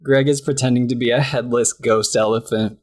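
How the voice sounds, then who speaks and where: A woman's voice: a bass voice, steady tone, normal speed. A woman co-hosting a casual podcast, chatting through a cartoon episode and acting out the characters' lines with giggles. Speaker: podcast co-host. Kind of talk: casual chat recapping a cartoon.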